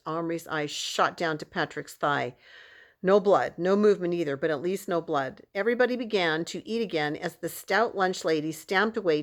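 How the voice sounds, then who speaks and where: A woman reading a children's novel aloud in a steady, expressive storytelling manner. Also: lowish voice. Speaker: audiobook reader.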